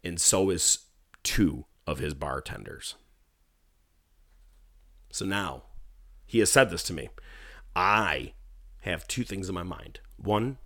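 A man telling a story in casual chat, animated and profane, acting out what people said. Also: deep voice. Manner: animated, profane, acts out quotes. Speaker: guest musician telling a story.

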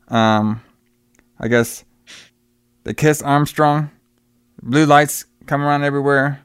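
A man's voice: mid-range voice, steady tone, takes it slowly, pauses often, clean tone, dry recording, clean studio sound. A man casually retelling a film plot, swearing freely and acting out the characters' lines. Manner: profane, rambling, acts out quoted lines. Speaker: podcast co-host recapping a film. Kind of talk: casual chat.

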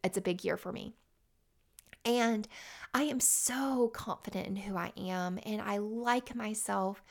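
A woman's voice: mid-range voice, measured pace, gravelly. A woman, chatting heartfelt and casual as a vlogger, often restarting her sentences. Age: late 30s. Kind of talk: casual personal chat.

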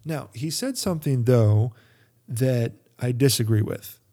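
Mellow-voiced man in casual monologue. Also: mid-range voice, animated, unhurried. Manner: rambling, many fillers and restarts. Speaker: Christian podcaster.

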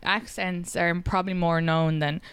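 A woman from Ireland with a Kildare Irish accent, a comedian chatting on a podcast and telling stories with quick asides. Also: on the low side, steady tone, fairly bright tone, smooth, no room sound. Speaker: comedian guest. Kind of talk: casual podcast chat.

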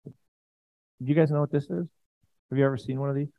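A male pastor gives a chatty, enthusiastic sermon in a church and keeps turning to speak directly to his congregation. His voice sits at an ordinary middle pitch. The recording is dry, with no room sound, and its narrow band makes it sound like a phone line. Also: steady tone, quick pace, creaky, no room sound. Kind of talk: conversational sermon.

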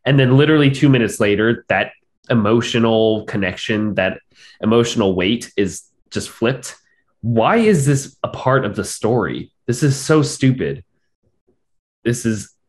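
A man co-hosting a casual film review chat, blunt and sarcastic, often repeating himself and using fillers. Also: lowish voice. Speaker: film review podcast co-host.

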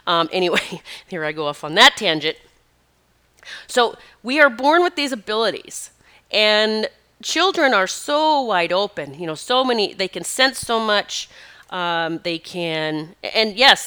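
Bright-voiced chatty middle-aged woman. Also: medium pitch, clear, resonant tone. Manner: chatty, emphatic, prone to tangents. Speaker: spiritual advisor. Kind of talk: casual monologue.

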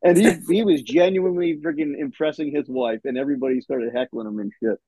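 A man, a military veteran, telling profane, animated stories about his old unit in casual chat over a dull, lo-fi call. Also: medium pitch, fast talker, creaky, husky, no echo. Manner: animated, profane, laughing storyteller. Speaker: veteran guest. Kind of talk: casual storytelling.

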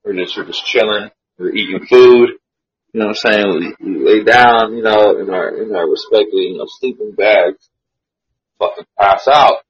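A man telling a story in a casual chat, slangy, animated and swearing freely. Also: on the low side, moderate pace, muffled recording.

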